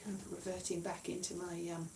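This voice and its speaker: A woman's voice: on the low side, monotone, a little fast, creaky, dark tone, echoey room, far from the mic, a little hiss or hum. A woman from Wales chatting casually on a livestream, rambling and poking fun at herself with frequent giggles. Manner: rambling, self-mocking, giggly. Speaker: comedian.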